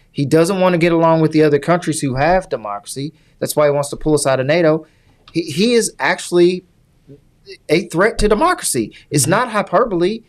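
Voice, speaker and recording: A man with a slightly high voice explains politics in a podcast chat. He talks earnestly and at length, like he is giving a lecture. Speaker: podcast co-host.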